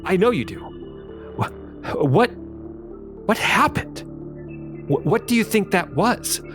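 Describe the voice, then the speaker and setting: A man's voice: high-pitched, lively intonation, takes it slowly, over music, voice pushed up. A man voicing an anxious young man who stammers and repeats himself, a loyal brother in a fantasy game. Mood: earnest.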